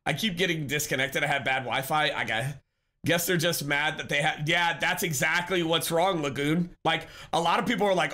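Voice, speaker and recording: A man's voice: a little high, fairly quick, pushed and bright. A man live-streaming, chatting casually and upbeat with his viewers, greeting and answering them by name.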